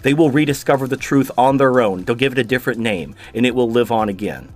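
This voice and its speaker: A man's voice: medium pitch, fast talker. A man hosting a video, delivering an angry, profane rant of commentary in furious bursts. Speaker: video host reacting to a clip.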